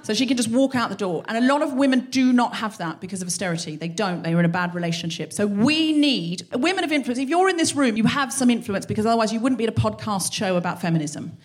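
A woman with a rather high, lively voice talks fast and barely pauses. She's hosting a live comedy podcast on stage in a concert hall, addressing the audience directly in a stand-up monologue, swearing often and playing both sides of an argument herself.

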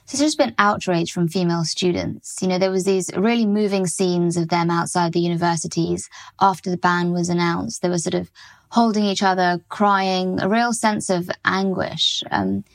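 Measured woman correspondent with gravelly voice. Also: fairly low pitch, steady tone. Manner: measured, analytical, with frequent fillers. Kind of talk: news podcast interview answers.

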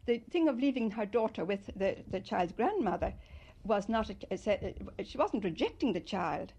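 An older woman from Ireland, fondly recalling her childhood in an interview and telling it in an animated way. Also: mid-range voice, moderate pace, husky. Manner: fond, animated storytelling with loud mimicry. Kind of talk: reminiscing interview.

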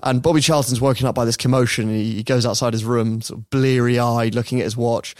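A man hosting a podcast, telling a story in a lively casual way and often laughing. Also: mid-range voice, quick pace, no room sound, studio quality. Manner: lively, laughs often, mimics people in quotes.

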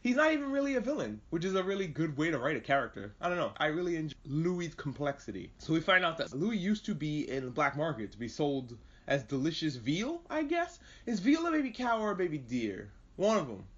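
Animated, profane man recapping anime. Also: a little high, a little fast, hardly any pauses, dull audio. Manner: animated, swears freely, acts out characters' lines. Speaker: podcast host. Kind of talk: casual anime episode recap.

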